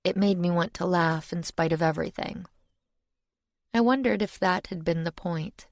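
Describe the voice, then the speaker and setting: A woman's voice: on the low side, normal speed, a little mellow, dry recording, studio quality. A woman narrating a first-person fantasy audiobook in a wry, conversational way.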